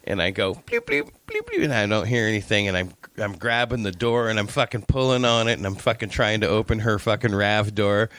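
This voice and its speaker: A man co-hosting a podcast, telling a casual story in an animated way, swearing and mimicking other people in a raised voice. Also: brisk, hardly any pauses, clear, resonant tone. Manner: animated, swearing, acts out voices in high pitch. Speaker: podcast co-host.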